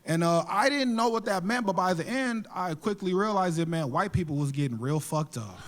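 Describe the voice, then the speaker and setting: High-voiced stand-up comedian. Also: male voice, fairly quick. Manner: animated storytelling, jokey. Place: theater stage.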